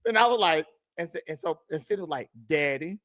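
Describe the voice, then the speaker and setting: A middle-aged man, co-hosting a casual podcast chat and telling stories with lively energy. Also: a little high, fast talker. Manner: animated storytelling, laughs while telling. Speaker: podcast co-host.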